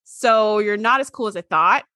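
A woman's voice: medium pitch, moderate pace, pushed and bright, dry recording, clean studio sound. A woman co-hosting a casual chat about a TV episode, laughing often and mimicking characters in mocking asides. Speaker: podcast co-host.

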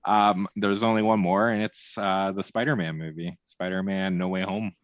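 Man, podcast co-host, very deep voice, laid-back and joking, dry muffled recording. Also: steady tone, normal speed, no echo. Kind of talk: casual chat.

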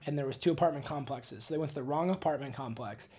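A woman telling profane, rambling stories as a podcast guest, with quick asides. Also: low-pitched, dark tone, breathy edge. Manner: storytelling, profane, laughing asides. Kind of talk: casual podcast chat.

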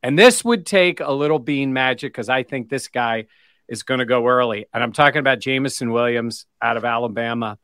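A man's voice: medium pitch, brisk, a bit bright, clear, resonant tone, no room sound. A man hosting a football talk segment, leading the chat and putting questions to his co-hosts. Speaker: sports show host. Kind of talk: sports talk discussion.

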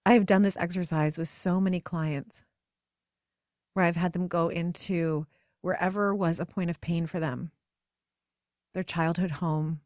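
Gentle woman host, soft whispers. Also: fairly low pitch, steady tone, dry recording, clean studio sound. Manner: gentle, slows to soft whispers at tender moments. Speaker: podcast host and coach. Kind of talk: guided reflective talk.

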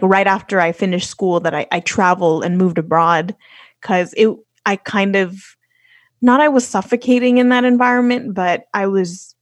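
A woman's voice: medium pitch, no echo. Young woman telling stories, dry sound. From United States. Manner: storytelling with many fillers and restarts. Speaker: podcast guest. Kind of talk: casual conversation.

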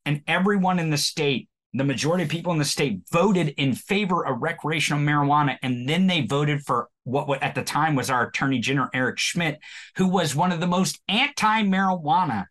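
A man's voice: a little high, a bit bright. A man from Missouri with a rural Missouri accent, a podcast host guesting on an interview show, talking in a folksy, self-mocking way and often restarting his sentences. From Missouri, USA. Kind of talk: casual interview chat.

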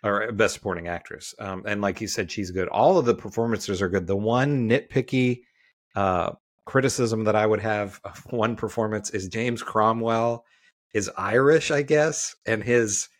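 Guy podcast cohost, lowish voice, rambles and restarts a lot. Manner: rambling, halting, frequent restarts. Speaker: podcast co-host. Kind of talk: casual film review chat.

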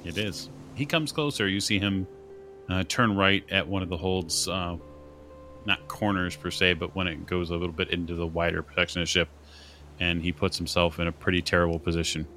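A man running a tabletop horror game as game master, narrating events calmly and calling for dice rolls. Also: low voice, a little fast, faint music behind.

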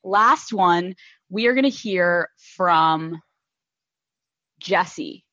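A woman's voice: lowish voice, lively intonation, drawn-out words, long pauses, pushed and bright, no echo, lo-fi sound. A woman hosting a podcast in casual chat, gushing and swearing freely, with lots of "like" fillers. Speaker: podcast host.

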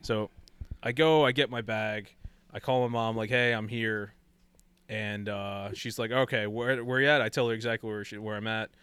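A man's voice: fairly low pitch, moderate pace, clear, resonant tone, dry recording. A man in casual podcast chat, telling a long story with lots of acted-out quotes and laughter. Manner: animated, acts out quoted voices, laughs often.

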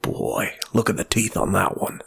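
A man doing an excitable wildlife host. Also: deep voice, moderate pace, vocal fry, breathy edge, exaggerated voice. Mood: conspiratorial excited. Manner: hushed whisper rising to excited squeals. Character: man impersonating a famous crocodile hunter, excitable.

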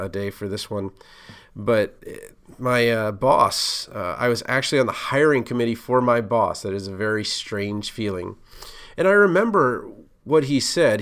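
Low-voiced man giving rambling advice. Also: a bit bright. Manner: conversational and loosely rambling, with many asides. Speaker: podcast host giving career advice to pharmacists. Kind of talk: casual advice monologue.

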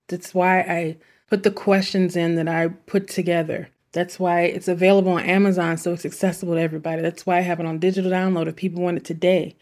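A woman's voice: on the low side, a little mellow. A woman hosting a self-help podcast, speaking in an earnest, chatty way with asides. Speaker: podcast host. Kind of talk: reflective self-help talk.

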